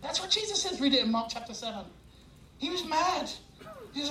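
A man preaching a sermon as pastor, telling stories with lively laughs. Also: very high voice, a little fast, long pauses. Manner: animated storytelling with laughs. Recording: roomy sound from far off mic.

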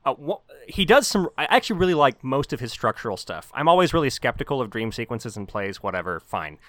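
Fast-talking analytical man, dry sound. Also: medium pitch, very animated, a bit bright, no room sound. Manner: analytical, explaining at length. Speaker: podcast co-host. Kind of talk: casual book discussion.

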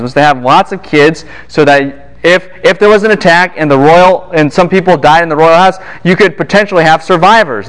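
A man teaching a classroom lecture on scripture. His pitch sits a little high and jumps around a lot as he throws question after question at the room. He sounds lively and engaged. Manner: animated, peppers students with questions. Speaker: Bible lecturer.

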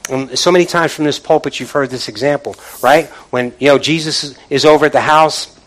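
A man's voice: fairly high pitch, fairly quick, low-quality recording. A man preaching a sermon from the pulpit in a conversational way, calling out to the congregation. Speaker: pastor. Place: church, from the pulpit.

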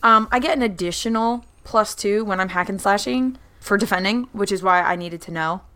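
A woman's voice: medium pitch, a little fast, bright, forceful tone. A woman player in a tabletop role-playing game, chatting casually and thinking aloud about rules and moves.

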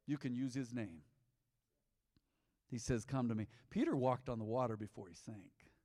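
A man preaching as a pastor, emphatic, repeating lines and swinging between loud and soft. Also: mid-range voice, normal speed. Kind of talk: sermon. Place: large church hall. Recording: long hall reverb.

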